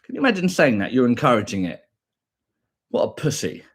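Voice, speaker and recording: A man's voice: medium pitch, sing-song, fairly quick, breathy edge. A young British man with a combative, profane manner, ranting back at viewers on a stream and repeating his points.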